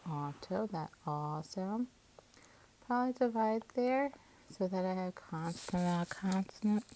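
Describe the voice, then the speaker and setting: A woman teacher calmly walking through syllable division, sounding out each part of a word. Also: medium pitch, measured pace, poor audio. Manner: calm, methodical, sounds out syllables. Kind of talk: phonics lesson, syllable division.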